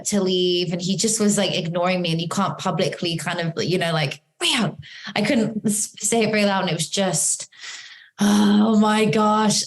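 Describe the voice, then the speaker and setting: Chatty young woman podcast host. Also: medium pitch. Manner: chatty, animated storytelling with fillers. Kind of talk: casual interview chat.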